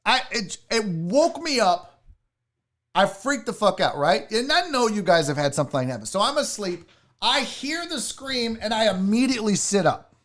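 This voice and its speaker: A man's voice: high voice, very animated, moderate pace, a bit bright. A man hosting a casual show, telling a personal story and swearing now and then. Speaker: sports show host.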